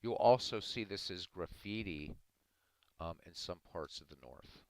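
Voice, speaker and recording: A man's voice: low-pitched, a little slow, a little mellow, no echo, poor audio. A man who says he is Irish, streaming live and arguing back at his chat in a casual, combative way. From Ireland. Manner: argumentative, talking back to chat.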